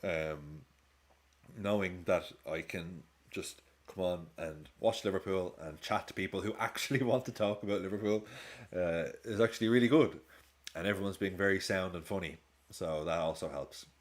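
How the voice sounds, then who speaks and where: A man's voice: low-pitched, normal speed. A man with a casual, rambling manner, chatting and laughing often as he hosts a live football watch-along stream.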